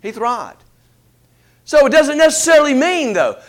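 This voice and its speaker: A man preaching a sermon, asking rhetorical questions in an animated delivery. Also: extremely high pitch, a little slow.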